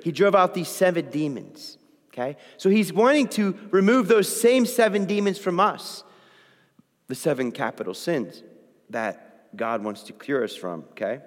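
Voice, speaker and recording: A man with a fairly high voice and big pitch swings preaches a sermon and reads from the Bible at an unhurried pace. He keeps it conversational, repeatedly checking in with listeners by asking "okay?", and a long hall reverb surrounds his voice.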